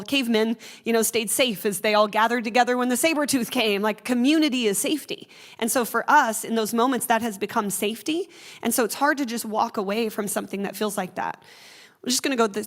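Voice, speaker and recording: A woman presenting at a summit, talking through her slides in a casual, filler-heavy way. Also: on the high side. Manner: casual, fast-flowing with many "like" fillers. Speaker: survivor speaker presenting. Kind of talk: conference talk with slides.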